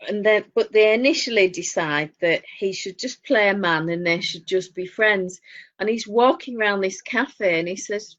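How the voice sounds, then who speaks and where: A woman with a Northern English accent co-hosts a laid-back podcast, telling stories and laughing a lot. Her voice is medium-pitched and fairly bright, at a moderate pace, and the recording sounds dull and lo-fi.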